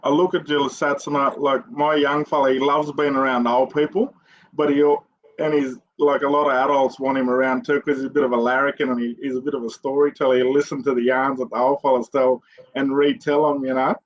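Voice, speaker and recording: A man's voice: mid-range voice, little pitch movement, fairly quick, dull audio. An Australian man hosting a podcast, asking questions in an easygoing, chatty way. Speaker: podcast host. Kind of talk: casual interview chat.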